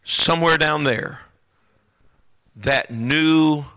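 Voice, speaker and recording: A man preaching a sermon to teenagers in a church, swinging between loud declarations and hushed, drawn-out words, and calling out to his audience. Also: a little high, low-quality recording. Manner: commands and banters with the audience. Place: church sanctuary before a congregation.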